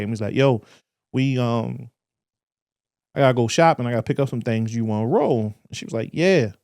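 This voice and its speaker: A man co-hosting a podcast, telling a story in casual chat and jumping high in pitch when he gets excited. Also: creaky, no room sound, studio quality. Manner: animated, breaks into high excited pitch while telling stories. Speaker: podcast co-host.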